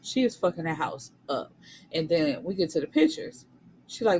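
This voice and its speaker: A woman's voice: sits low, moderate pace, slight background noise, low-quality recording. Slangy woman recapping a book. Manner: slangy, animated, swears freely. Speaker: book reviewer.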